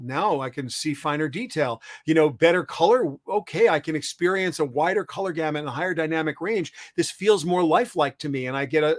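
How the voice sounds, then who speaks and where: Animated higher-voiced man. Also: no echo, clean studio sound. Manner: animated, acts out little imagined dialogues. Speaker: tech author and guest. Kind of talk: conversational interview. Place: his office. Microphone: webcam setup with a mirrorless camera.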